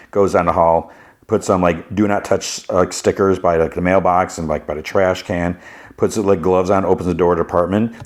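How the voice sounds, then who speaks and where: Low-voiced man rambling through a recap. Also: a little mellow. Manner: rambling retelling full of "like" fillers. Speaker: podcast host. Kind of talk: casual plot recap.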